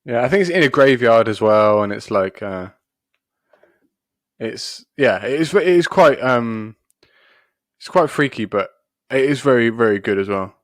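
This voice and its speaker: A man co-hosting a podcast in casual chat, halting with many restarts. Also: medium pitch, lively intonation, no room sound, clean studio sound. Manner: hesitant, full of restarts. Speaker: podcast co-host.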